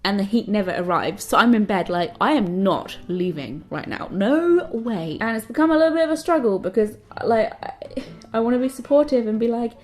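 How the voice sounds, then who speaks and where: A woman's voice: on the high side, animated, a little fast. Bubbly young woman vlogging. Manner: bubbly and self-mocking, talks to the universe. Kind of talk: chatty get-ready-with-me vlog. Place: home, indoors. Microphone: camera mic.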